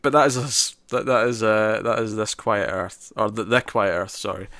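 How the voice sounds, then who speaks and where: A man co-hosting a casual podcast, chatting through a film review with lots of restarts and animated emphasis. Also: fairly low pitch, normal speed, no room sound, clean studio sound. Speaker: podcast co-host.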